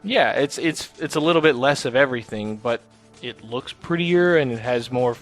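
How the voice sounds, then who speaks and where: A man's voice: medium pitch, normal speed, soft background music. A man co-hosting a casual video game podcast, rambling and swearing freely as he talks. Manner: rambling, profane, laughs often. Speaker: podcast co-host. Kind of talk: casual chat about video games.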